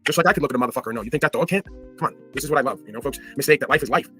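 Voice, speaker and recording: Fast, forceful ranting man. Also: medium pitch, soft background music. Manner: profane, ranting. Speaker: podcast host. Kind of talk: casual call-in panel talk.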